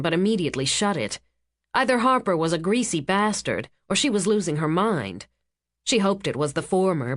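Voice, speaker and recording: Female audiobook narrator, lowish pitch, dry close sound, measured thriller read. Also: no echo. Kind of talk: scripted narration.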